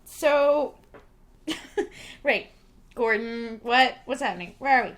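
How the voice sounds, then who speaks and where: A woman's voice: a little high, expressive, slow. Chatty laughing woman podcast host. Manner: chatty, laughs often, retells scenes in quotes. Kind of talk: casual chat recapping a TV show.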